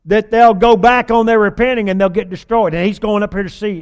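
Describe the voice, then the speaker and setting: In a sermon, a man with a fairly high-pitched voice preaches in a folksy, humorous style, blending scripture reading with playful asides and exaggerated whining impressions. His intonation stays fairly even, and he moves briskly with few pauses.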